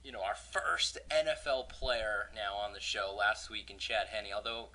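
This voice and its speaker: A man's voice: fairly low pitch, fairly even intonation, normal speed, sharp tone. A man hosting a casual podcast, joking and venting about a minor pet peeve. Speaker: podcast host.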